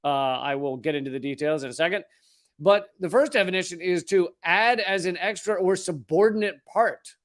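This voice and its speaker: A man's voice: high voice, normal speed. A man hosting a live-stream commentary, reading from an article and breaking off into sarcastic, joking asides.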